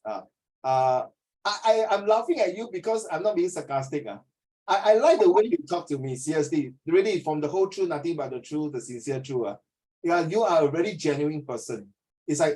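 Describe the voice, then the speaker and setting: Earnest Singaporean man teaching, higher voice. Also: expressive, brisk, darkish tone, rough recording. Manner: earnest, preachy, mixes Mandarin phrases into English. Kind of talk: online class lecture.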